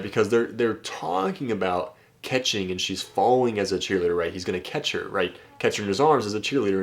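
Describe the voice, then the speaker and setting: A man with a deep, low voice talks through text exchanges as a dating coach. His delivery is casual and chatty, with occasional swearing and a habit of ending points with "right?". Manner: loose and chatty, swears, keeps asking "right?". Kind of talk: casual commentary reading out texts.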